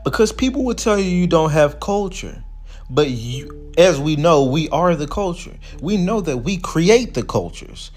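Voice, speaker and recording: A man hosting a casual commentary, reading passages slowly and then riffing on them in a relaxed, conversational way. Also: on the high side, faint music behind. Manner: conversational, reads quotes slowly then riffs. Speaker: host.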